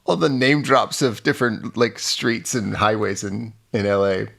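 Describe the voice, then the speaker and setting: A man's voice: lowish voice, unhurried, gravelly, fairly bright tone. A man co-hosting a podcast, joking and sarcastic in casual chat. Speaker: podcast co-host.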